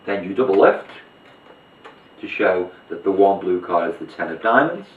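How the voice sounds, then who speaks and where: A low-voiced man talks through a card trick step by step, chatty and hands-on as he demonstrates. He sits back from the mic in a roomy space, and the recording sounds dull and muffled. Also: very animated, moderate pace, recorded from a distance. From Liverpool, England. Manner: chatty, step-by-step explaining while handling cards. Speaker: magician teaching a card trick. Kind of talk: demonstration tutorial.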